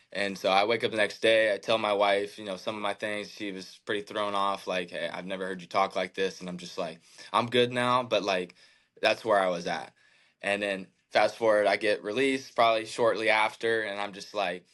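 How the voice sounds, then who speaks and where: A man in his thirties, a podcast guest, telling a candid personal story in an earnest, halting way, with many fillers and restarts. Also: on the low side, steady tone, a bit bright. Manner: emotional, reflective faith talk. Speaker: podcast guest, baseball pitcher.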